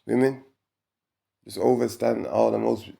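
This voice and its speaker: A man an edge, talking in an animated, preachy, rambling way about spirituality and laughing often between points. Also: on the low side, unhurried, vocal fry. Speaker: vlogger.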